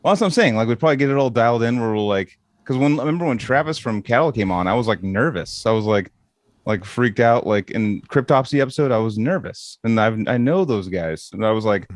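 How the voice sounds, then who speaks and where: A young man with a Californian accent, co-hosting a metal podcast in casual chat, excitable, laughing often and swearing a lot. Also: medium pitch, fast talker, no echo. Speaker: podcast co-host.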